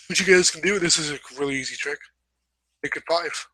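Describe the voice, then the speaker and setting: A man's voice: fairly high pitch, brisk, pushed and bright, no room sound, rough recording. A young man giving a casual writing lesson, rambling a bit and correcting himself as he goes. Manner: rambling, self-correcting, apologetic asides. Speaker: host. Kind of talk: casual instructional talk.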